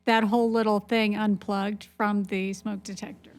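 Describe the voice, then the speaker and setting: A teasing middle-aged mom. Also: female voice, medium pitch, little pitch movement, normal speed, soft background music. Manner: teasing, amused storyteller. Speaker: podcast guest, mother. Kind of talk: casual family podcast chat.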